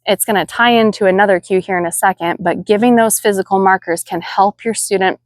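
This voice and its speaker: A woman's voice: mid-range voice, brisk, no room sound, clean studio sound. Woman instructor giving practical coaching tips. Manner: practical, steady explaining with counted cues. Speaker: riding instructor teaching other instructors. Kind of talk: instructional video talk.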